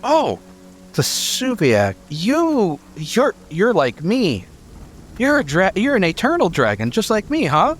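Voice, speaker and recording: A man voicing a cheerful, excitable young female dragon in a tabletop game, speaking eagerly. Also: high voice, slow, faint music behind, voice pushed up, exaggerated voice. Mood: excited.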